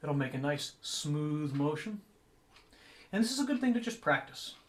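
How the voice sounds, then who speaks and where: A man's voice: a little high, sing-song, moderate pace. An American man, a young adult music director, teaching a lesson that explains and counts rhythms aloud as he demonstrates conducting.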